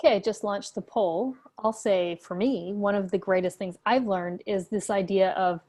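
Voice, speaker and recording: A woman's voice: mid-range voice, fairly even intonation, normal speed, darkish tone. A woman hosting a webinar, chatting casually and enthusiastically. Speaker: webinar host.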